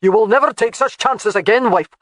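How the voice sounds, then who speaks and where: A narrator voicing a proud, commanding Highland laird who barks orders at his wife and his men, in a storybook reading. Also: lively intonation, normal speed, no room sound, clean studio sound, lightly acted. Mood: angry.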